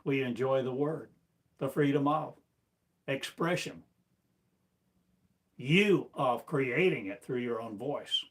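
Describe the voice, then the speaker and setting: A man preaching a sermon as a spiritual teacher, slow and declamatory, firing off one rhetorical question after another. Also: mid-range voice, lively intonation. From United States.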